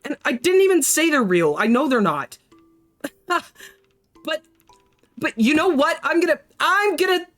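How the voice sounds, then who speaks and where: A woman's voice: high voice, sing-song, measured pace, pauses often, a bit bright, soft background music, voice pushed up, full character voice. Woman doing a flustered stammering young artist.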